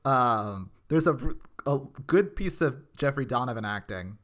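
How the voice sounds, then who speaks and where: A man's voice: medium pitch, animated, a little slow, fairly bright tone. A man co-hosting a casual podcast recap, enthusiastic and jokey, cutting in with side comments. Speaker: podcast co-host.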